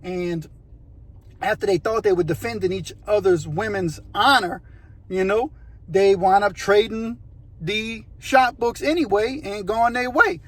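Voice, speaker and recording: High-voiced man telling a prison story. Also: a little slow, a bit bright. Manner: rambling, conversational, frequent "you know what I mean". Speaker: storyteller, channel host. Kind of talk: casual spoken storytelling.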